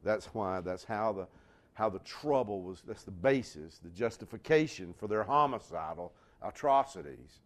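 A man preaching a sermon as pastor, animated and asking his congregation questions. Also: on the low side, normal speed. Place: church.

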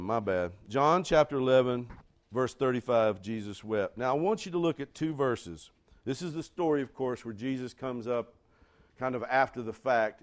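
Man, pastor, lively pitch, folksy sermon, sudden loud bursts.

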